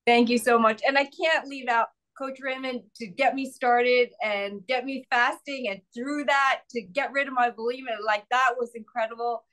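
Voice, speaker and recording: A woman guest in an interview, speaking earnestly and a little haltingly. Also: on the high side, fairly even intonation, fairly bright tone, rough recording. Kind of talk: casual interview chat.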